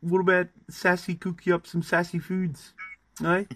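A man voicing a rough, cheery British bloke who swears and pushes food. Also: high-pitched, completely flat delivery, normal speed, a bit bright, slight background noise. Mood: pushy. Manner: swearing, pushy.

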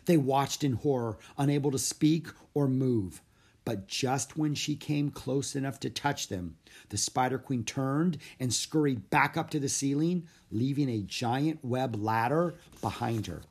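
A man's voice: medium pitch, measured pace, a little mellow, breathy edge. Man reading a storybook aloud. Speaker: narrator. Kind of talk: storybook read-aloud narration.

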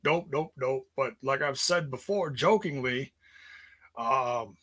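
A man in his forties hosts a livestreamed podcast through a streaming setup, his voice medium in pitch, slow, and a little bright. He chats casually and playfully, rambling and restarting his sentences often.

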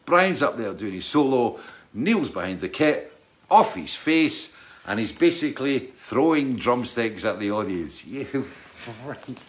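A man's voice: medium pitch, very animated, a little slow, a little hiss or hum. Man spinning a rambling tour story. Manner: rambling, keeps checking in with "right?", laughs often. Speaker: touring musician telling a story. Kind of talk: casual anecdote telling.

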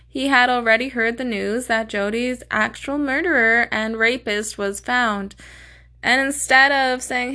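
A woman narrates a true crime case in a loose, conversational way. Her voice sits a little high, with a bright, sharp edge. She sounds indignant and curses freely. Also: unhurried. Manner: indignant, profane, blunt.

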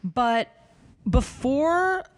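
A woman telling a personal story in casual chat, animated and acting out what people said. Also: high voice, drawn-out words, no echo. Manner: animated storyteller who acts out quotes.

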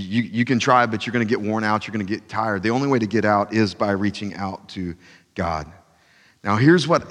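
A man preaching a sermon as pastor, pleading loudly one moment and dropping to a hushed voice the next. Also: on the low side. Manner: impassioned preaching, swings from loud pleading to hushed. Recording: long reverb of a large hall.

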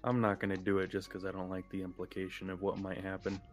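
A man's voice: deep voice, completely flat delivery, fast talker, music in the background. A man playing in a tabletop game, speaking in a dry, wry and laid-back way. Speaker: player. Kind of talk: casual tabletop play.

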